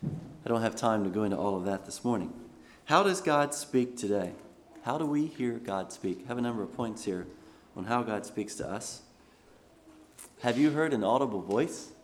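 A man of ordinary pitch preaching a sermon, reading long scripture passages aloud and then stepping back to talk them over in plain, conversational words. A faint noise sits under the recording. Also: expressive, normal speed. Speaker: pastor.

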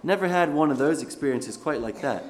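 A man's voice: on the high side, animated, brisk, slight background noise. Man preaching, reading scripture aloud. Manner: reads scripture aloud then comments conversationally. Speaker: pastor. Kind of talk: sermon.

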